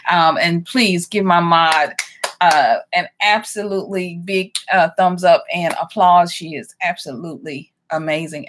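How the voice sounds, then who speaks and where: A woman hosting a casual livestream, greeting viewers by name with many ums and quick laughs. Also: lowish voice, fairly bright tone. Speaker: livestream host.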